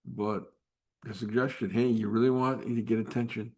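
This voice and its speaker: A man hosts a live faith-based talk in a darkish, mid-range voice, fairly even in intonation and moderate in pace. His delivery is unpolished, with many restarts and fillers, and at times he drops to a whisper.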